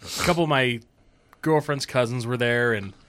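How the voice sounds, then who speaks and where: Bright-voiced man telling a story. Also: mid-range voice, moderate pace, smooth. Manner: laid-back storyteller, joking. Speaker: podcast co-host. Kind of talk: casual chat.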